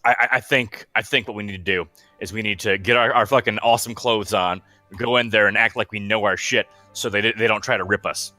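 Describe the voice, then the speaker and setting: Man, tabletop player, bright forceful voice, brash, dry sound. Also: lowish voice, fairly quick, few pauses, no echo, faint music behind. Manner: brash, swearing, excitable. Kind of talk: casual tabletop play.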